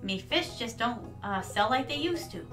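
A woman's voice: a little high, expressive, normal speed, recorded from a distance, over music, lightly acted. A woman voicing a friendly older male fisherman in a game, with folksy old-sailor talk.

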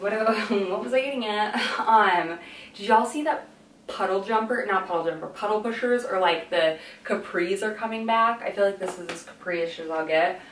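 A young woman fashion vlogger chats casually, rambling and drifting off on tangents. Her mid-range voice sounds distant and a bit off-mic in an echoey room, with slight background noise.

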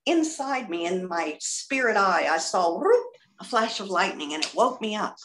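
A middle-aged woman giving a personal testimony over a video call, an animated storyteller who acts out the dialogue. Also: medium pitch, normal speed, reverberant. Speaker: ministry speaker giving testimony. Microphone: video call computer mic.

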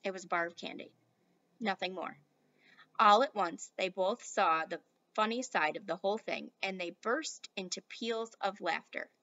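A woman's voice: mid-range voice, moderate pace, lo-fi sound. A woman, a teacher, reading a storybook aloud and speaking directly to her listeners in a friendly way. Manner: warm, friendly address to listeners.

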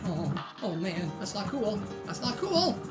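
A woman hosting a gaming channel, giving excitable, exclaiming let's-play commentary as she plays. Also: mid-range voice, measured pace. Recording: game music under voice.

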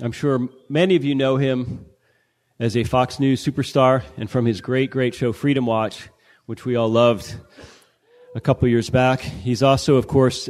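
A man's voice: mid-range voice, a little mellow. A man hosting a conference session, giving an earnest, admiring introduction of the next speaker. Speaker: event host introducing the speaker. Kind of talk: formal introduction. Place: large conference hall.

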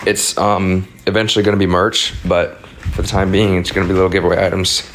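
A man's voice: deep voice, level tone, brisk, a little hiss or hum. A young man chatting casually on a phone livestream at home, reading out viewer comments and thanking them for gifts.

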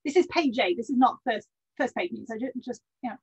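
A woman's voice: a little high, a little fast, slightly rough, rough recording. A woman researcher giving a history lecture, hesitant with many ums and self-corrections, and dropping wry asides.

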